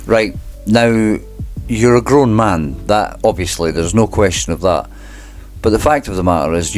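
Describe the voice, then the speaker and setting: A man hosting a channel, reading a court transcript aloud at a measured pace and breaking in with dry, wry asides. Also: lowish voice.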